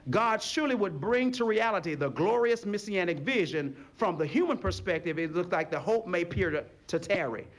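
A male preacher with a high voice that swings widely in pitch as he preaches. He uses folksy phrasing and keeps calling out to the congregation for answers. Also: a little fast, few pauses. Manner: animated call-and-response preaching, folksy phrasing. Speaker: pastor. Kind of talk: sermon.

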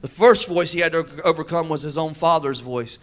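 A pastor preaching a sermon, calling out to the congregation and acting out quoted voices with humor. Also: male voice, on the high side, fairly quick, fairly bright tone. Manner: preaching with call-and-response asides.

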